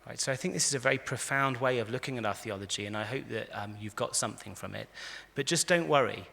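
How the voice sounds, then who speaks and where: A man, a rabbi, giving a lively lecture to a live audience, telling stories and acting out the quotes with frequent restarts. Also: mid-range voice, fast talker, creaky. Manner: animated storyteller, frequent restarts, acts out quotes. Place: large convention hall. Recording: echoey hall.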